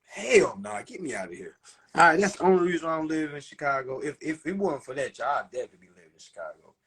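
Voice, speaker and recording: A young Southern man from South Carolina telling a profane, animated story to his livestream viewers. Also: on the high side, fast, slightly rough. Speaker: livestream host. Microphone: phone.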